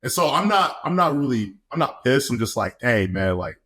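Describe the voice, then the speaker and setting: A man's voice: a little high, lively intonation, brisk, a bit bright. A man in his twenties, a podcast guest, telling a story casually with easy laughs. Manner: laid-back, laughs often, fillers like "man". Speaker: podcast guest, football player.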